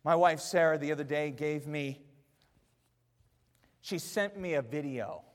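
A man preaching a sermon in a church auditorium, wearing a mic, chatty and self-mocking, swinging from quiet asides to shouted peaks. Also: fairly high pitch, unhurried, big-room sound. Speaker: pastor.

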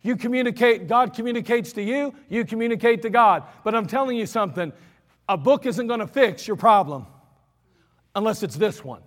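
A man preaching an emphatic sermon, slowing down and repeating lines for stress. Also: high voice, expressive, fairly bright tone, in a large hall. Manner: emphatic, repetitive, slows for stress.

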